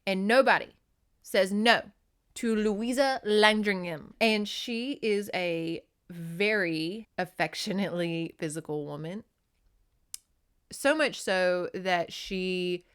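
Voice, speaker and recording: A woman podcast host recapping a trashy novel in casual chat. She is animated and profane and laughs often as she talks. Her voice sits at a middle pitch for a woman. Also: clean tone.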